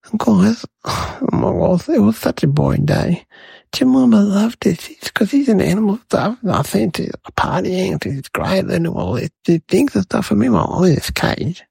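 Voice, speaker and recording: A man's voice: sits high, expressive, moderate pace, gravelly, mellow, husky, dry recording, full character voice. A man voicing a mischievous, chatty young boy who rambles to the viewers in a comedic monologue. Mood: rambling. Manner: rambling, addresses viewers as guys.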